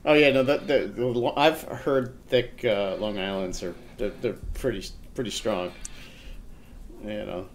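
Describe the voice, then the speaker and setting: A man's voice: lowish voice, unhurried, a little hiss or hum. A man co-hosting a casual live show, chatting loosely and laughing easily. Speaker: co-host.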